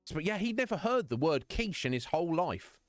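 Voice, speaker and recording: Animated British man telling stories. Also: on the high side, brisk, no echo, clean studio sound, soft background music. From Britain. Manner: rambling storytelling with quoted voices and laughs. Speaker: streamer. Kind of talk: casual chat.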